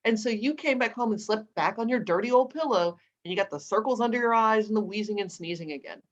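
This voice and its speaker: A woman guest on a video call, telling animated, persuasive stories as an entrepreneur. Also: medium pitch, quick pace, dull audio. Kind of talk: interview storytelling.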